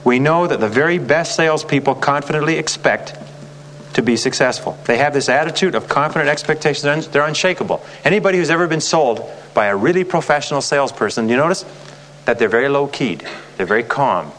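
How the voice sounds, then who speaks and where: A man's voice: medium pitch, expressive, quick pace, a bit bright, slight background noise. A man leading a motivational sales seminar as a sales trainer, emphatic and repetitive, often asking the audience rhetorical questions.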